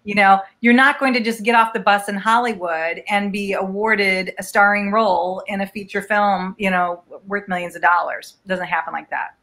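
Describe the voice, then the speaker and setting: Bright-voiced woman casting director. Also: mid-range voice, steady tone, normal speed, hardly any pauses. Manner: earnest, emphatic, upbeat advice. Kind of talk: video call interview answers. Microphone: video call.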